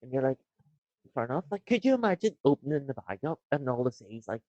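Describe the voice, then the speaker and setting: A man's voice: medium pitch, big pitch swings, fast talker, darkish tone, no room sound. A man co-hosting a casual podcast, rambling through crude anecdotes. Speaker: podcast co-host. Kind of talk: casual chat between mates. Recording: dull, dry lo-fi sound.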